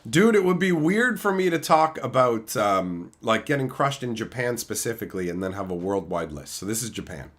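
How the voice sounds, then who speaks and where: Profane, animated male streamer ranting. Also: medium pitch, normal speed, few pauses. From Canada. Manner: crude, combative, shouts mocking put-on voices. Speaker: streamer answering chat. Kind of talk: profane live-stream rant.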